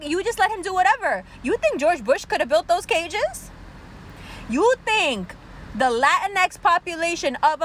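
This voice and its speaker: An angry woman tears into her subject in a sarcastic, profanity-laced rant. Her voice sits high, and a faint hum of background noise runs under it. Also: fairly bright tone. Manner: angry, sarcastic, heavy swearing. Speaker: political commentator.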